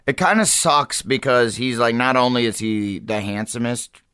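A man's voice: mid-range voice, moderate pace, sharp tone, clear, resonant tone, no room sound, clean studio sound. A young man, an actor guest on a podcast, chatting easygoing and laughing, with lots of "like" fillers. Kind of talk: casual interview chat.

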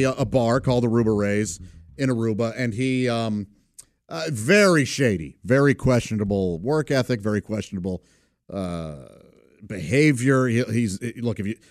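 A man hosting a podcast talks in a loose, rambling monologue full of "uh"s and false starts. His pitch sits mid-range for a man. The recording is dry and close, with no room sound. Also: no echo. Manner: rambling, with many fillers and restarts. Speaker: podcast host and radio comedian.

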